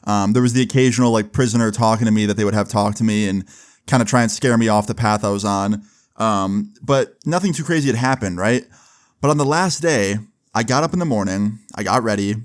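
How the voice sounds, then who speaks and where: A man's voice: fairly low pitch, brisk. A young man casually telling a personal story for his vlog, loose and chatty with lots of filler words and swearing. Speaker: storyteller vlogger.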